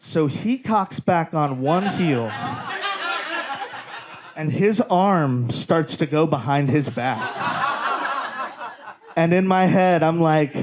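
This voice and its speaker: Animated man doing stand-up. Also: a little high, takes it slowly, pauses often, lo-fi sound, background noise. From Georgia, US. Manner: animated, wry, profane storytelling. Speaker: stand-up comedian. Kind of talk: stand-up storytelling. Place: comedy club stage.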